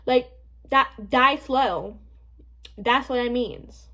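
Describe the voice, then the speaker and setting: A woman's voice: high-pitched, slow pace, sharp tone. A young woman vlogging a casual storytime rant, sassy and blunt, swearing freely with lots of "like".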